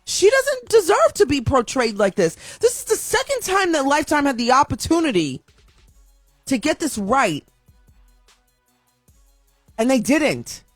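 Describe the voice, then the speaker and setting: A woman's voice: high voice, big pitch swings, measured pace, pauses often, no room sound, studio quality, faint music behind. A woman ranting in an emotional opinion vlog, upset and repeating herself with frequent restarts. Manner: impassioned, repetitive ranting with many restarts. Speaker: video commentator.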